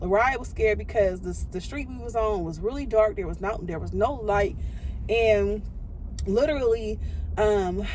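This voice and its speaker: A woman's voice: medium pitch, moderate pace, a little mellow, poor audio. A woman telling a rambling story in a casual vlog from inside her car, with lots of fillers and restarts. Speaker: vlogger and single mother. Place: inside a car in city traffic. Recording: road and car noise behind.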